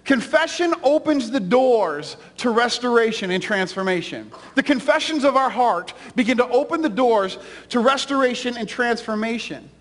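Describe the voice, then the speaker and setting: A man's voice: very high voice, expressive, moderate pace, big-room sound. A man pastor preaching a sermon with an emphatic, repetitive cadence in a church sanctuary.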